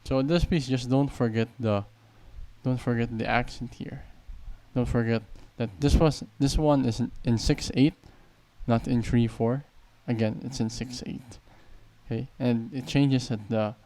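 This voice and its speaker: A man's voice: mid-range voice, steady tone, measured pace, dark tone. A man teaching a piano tutorial, counting beats aloud and explaining patiently. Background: piano playing.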